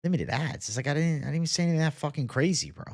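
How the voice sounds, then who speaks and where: A man's voice: on the high side, very fast, no room sound, clean studio sound. A young man from Boston hosting a casual live chat. He talks loosely and swears a lot. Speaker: livestream host.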